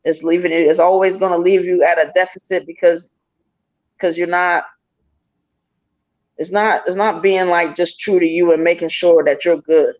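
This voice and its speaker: A woman's voice: fairly low pitch, steady tone, moderate pace, pauses often, muffled recording. A woman giving a live psychic reading over a video call, earnest and encouraging as she speaks straight to the sitter. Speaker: psychic medium.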